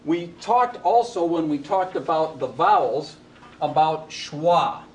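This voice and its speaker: A man teaching a Hebrew grammar lesson in a recorded lecture, speaking haltingly with many ums and restarts. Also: on the high side, a little hiss or hum. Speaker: Hebrew instructor.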